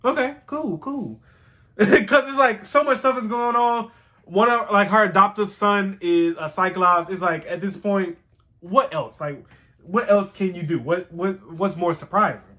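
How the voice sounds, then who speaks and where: A man giving a casual, rambling recap of a TV season, animated and excitable and swearing freely. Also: high voice, unhurried. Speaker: show host reviewing a TV series.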